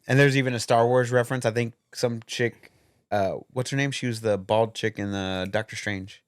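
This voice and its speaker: A man's voice: medium pitch, steady tone, normal speed, no echo, studio quality. A man co-hosting a podcast in casual chat, rambling and swearing while he hunts for names. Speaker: podcast co-host.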